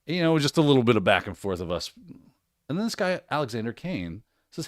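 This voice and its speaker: A man hosting a casual livestream, giving energetic, encouraging advice with frequent restarts and tag questions. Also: medium pitch, fairly quick, no echo, clean studio sound. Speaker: host.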